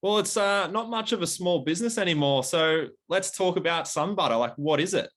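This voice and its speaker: A man's voice: sits high, brisk, fairly bright tone. A man hosting a podcast, asking loose, friendly questions and teasing his guest. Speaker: podcast host. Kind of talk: casual chat.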